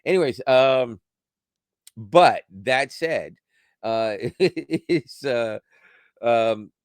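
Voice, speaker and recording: A man's voice: fairly low pitch, dry recording, clean studio sound. A man co-hosting a podcast, chatting casually in a rambling way with frequent restarts and laughs. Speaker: podcast co-host. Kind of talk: casual chat.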